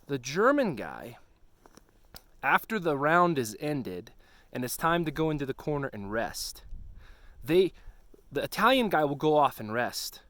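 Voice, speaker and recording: A man's voice: a little high, very animated, a little slow, pauses often, fairly bright tone, no room sound. A middle-aged man speaking outdoors on a snowy slope, earnestly urging pastors with direct questions and a preacher's push. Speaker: retreat ministry founder. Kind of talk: outdoor pep talk to pastors.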